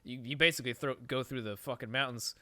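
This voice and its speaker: Talking fast in a mid-range voice, this podcast host rambles through a lengthy tale packed with profanity and side tangents. He tells it casually and with lots of animation. There's no echo in the recording.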